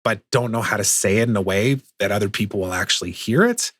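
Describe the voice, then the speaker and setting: A man's voice: lowish voice, quick pace, a bit bright, no echo, studio quality. A man hosting a podcast, asking questions and chatting with enthusiasm and frequent laughter. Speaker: podcast host. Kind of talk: casual interview conversation.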